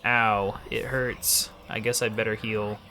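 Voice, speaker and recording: Bright-voiced man muttering game commentary. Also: lowish voice, flat delivery, takes it slowly, slight background noise. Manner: mumbles quiet asides, sometimes whispers. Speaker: let's play host. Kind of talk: casual gameplay commentary. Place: at home late at night.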